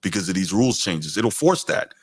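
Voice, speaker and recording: Animated man ranting, low voice. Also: brisk, slightly rough, no room sound. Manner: animated and exasperated, voice rising sharply when ranting. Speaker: podcast host. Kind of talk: reacting to a clip, casual commentary.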